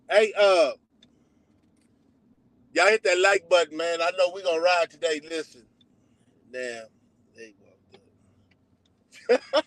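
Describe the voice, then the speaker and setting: A man's voice: on the high side, lively intonation, slow pace, long pauses, a bit bright, no room sound, low-quality recording. A Texan man livestreaming from his car at a donut shop drive-thru, talking loosely and slangily as he drifts between topics. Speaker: livestream host. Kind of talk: casual rambling livestream chat.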